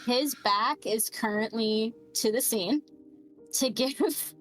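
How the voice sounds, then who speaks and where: A woman's voice: fairly high pitch, slow pace, soft background music, low-quality recording. A young woman narrating a tabletop game as game master, chatty and giggly, with lots of fillers.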